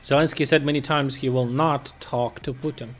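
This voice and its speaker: A man's voice: mid-range voice, steady tone, moderate pace, soft background music. A man streaming casual, profane commentary on war news, reading headlines and reacting bluntly. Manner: profane, blunt, bursts of loud laughter.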